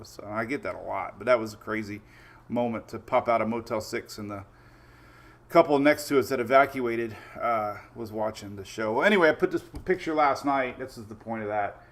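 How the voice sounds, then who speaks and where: A friendly man chats casually on his weather livestream, his voice sitting at an ordinary middle pitch. He greets viewers by name between stories and slips quoted lines into his anecdotes. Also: brisk, a bit bright. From Florida Gulf Coast. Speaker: weather show host.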